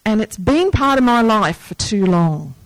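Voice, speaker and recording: A woman's voice: mid-range voice, a little slow, no room sound, low-quality recording. A woman preaching a sermon in an earnest, plain manner, reading scripture and asking the listeners questions. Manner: earnest, breaks into lively movie-yelling asides.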